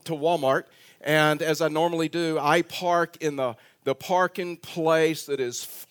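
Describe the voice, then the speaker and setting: A middle-aged man, a pastor, telling a self-mocking story in a sermon with halting restarts. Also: on the high side. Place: church sanctuary.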